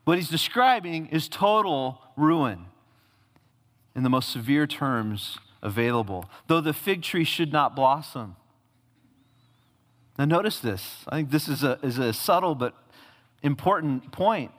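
A man preaching a sermon as a pastor, swinging from loud, high emphatic peaks down to low, hushed lines, with casual asides that act out quoted voices. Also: animated, unhurried. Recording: reverberant hall.

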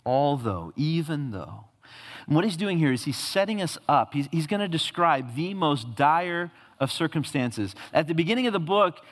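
A male pastor delivers a sermon with a fairly high voice. He swings from loud, emphatic peaks to low, hushed lines and slips into casual asides that act out quoted voices. His voice carries a long reverb, as in a large hall.

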